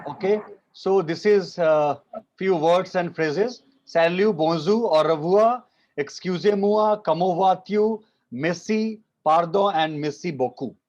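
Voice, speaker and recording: A man with an Indian accent teaching French in an online class, repeating each phrase slowly and mixing English with Hindi. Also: high-pitched, darkish tone. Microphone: video call. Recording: muffled video call audio.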